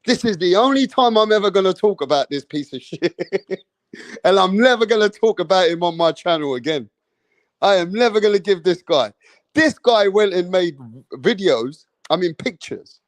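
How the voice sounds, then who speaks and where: Profane boastful YouTuber rant, high voice. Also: male voice, animated, moderate pace, no echo. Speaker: boxing YouTuber. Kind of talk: ranting commentary.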